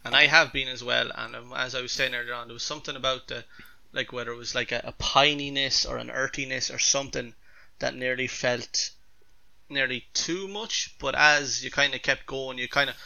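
A man's voice: mid-range voice, steady tone, fairly quick, vocal fry, bright, forceful tone, muffled recording. A man co-hosting a podcast, thoughtful and hesitant, searching for words. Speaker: podcast co-host. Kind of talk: casual chat.

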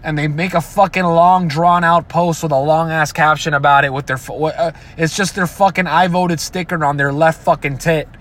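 Ranting man with a fairly high voice. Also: steady tone, moderate pace, hardly any pauses, a bit bright. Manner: ranting, profane, with mocking put-on voices. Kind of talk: casual rant.

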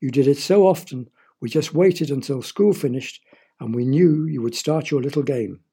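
A man's voice: mid-range voice, moderate pace, warm tone, husky. A man voicing a cross, snappish male neighbour in a children's story. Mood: accusing. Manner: snappish, accusing.

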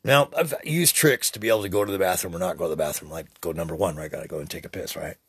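A man's voice: low voice, quick pace, fairly bright tone, slightly rough, dry recording, studio quality. A man in his sixties preaching in a rambling, profane spiritual monologue as a podcast host. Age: 60s.

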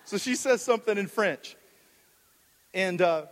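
A man's voice: high voice, a little slow. A man preaching as pastor, telling stories and quizzing the congregation, often restarting his sentences. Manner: storytelling with audience questions, frequent restarts. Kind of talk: sermon. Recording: long hall reverb.

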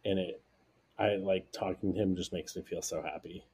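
A man with a low, slightly husky voice co-hosts a podcast in a loose, rambling chat. He strings his thoughts together with plenty of fillers. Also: fairly even intonation, moderate pace, warm tone. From United States. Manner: chatty, rambling, many fillers. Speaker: podcast co-host. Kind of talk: casual chat.

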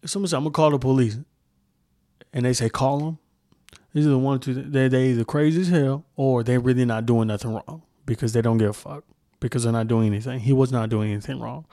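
A man's voice: mid-range voice, steady tone, fast, mellow, dry recording, studio quality. A young man hosting a solo podcast, ranting with heavy profanity and mocking impressions. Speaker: podcast host. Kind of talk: heated solo podcast rant.

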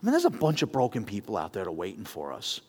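Middle-aged pastor in a reverberant church. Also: male voice, on the low side, quick pace, slightly rough. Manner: animated, acts out phone voices, builds to appeals. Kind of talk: sermon with storytelling. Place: church sanctuary. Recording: long reverb of a church hall.

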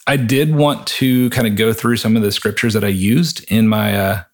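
A man with a fairly low, husky voice talks casually about scripture and song lyrics. He thinks aloud, stopping and restarting his sentences as he goes. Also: steady tone. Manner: thoughtful, halting with frequent restarts and fillers. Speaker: podcast co-host reviewing a worship song. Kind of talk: casual Bible discussion.

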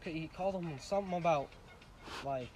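Laid-back young man, slightly higher voice. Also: brisk, darkish tone, a little hiss or hum, poor audio. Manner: laid-back, profane storytelling with many fillers. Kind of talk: casual chat.

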